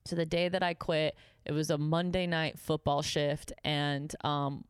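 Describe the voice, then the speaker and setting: A young woman from Buffalo telling a workplace story in casual chat. Her voice is low and smooth, with a crisp, dry sound close to the mic. She acts out the people in her story and swears freely. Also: flat delivery, measured pace, no room sound. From Buffalo, New York.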